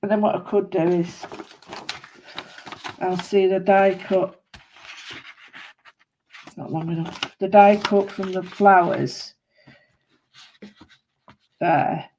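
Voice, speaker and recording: A woman's voice: medium pitch, steady tone, slow, long pauses, a little mellow, a little hiss or hum. A woman talks her viewers through a doodling project in a loose, rambling way. She thinks aloud, changes her mind mid-sentence and keeps up a friendly running chat as she works. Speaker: craft vlogger. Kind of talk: casual chat while doodling.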